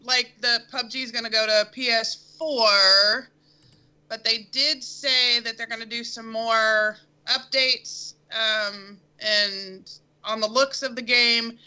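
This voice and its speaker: A woman co-hosting a podcast in casual chat, giving gaming news in a brisk, matter-of-fact way. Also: a little high, fairly even intonation, bright, forceful tone, clear, resonant tone. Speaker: podcast co-host.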